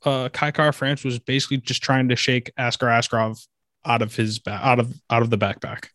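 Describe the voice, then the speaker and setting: A young man talks fast and steers a relaxed podcast conversation from one point to the next. His voice is dry and close to the mic. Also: mid-range voice, no echo. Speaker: podcast co-host. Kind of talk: casual chat.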